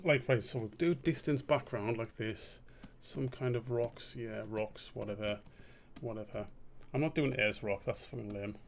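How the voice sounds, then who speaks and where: A man's voice: mid-range voice, a little hiss or hum. A man streaming a drawing session, rambling and muttering to himself, swearing freely as he works. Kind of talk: casual live-stream commentary while drawing.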